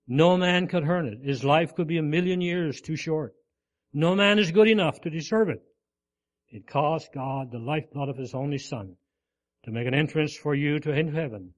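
A man narrating a sermon story in an earnest, measured way. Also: fairly high pitch, lo-fi sound. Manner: earnest, measured, dropping soft at solemn points.

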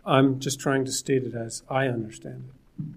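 A man's voice: medium pitch, level tone, moderate pace, husky. A man preaching a sermon in an earnest, conversational way, with jokes and asides to the listeners.

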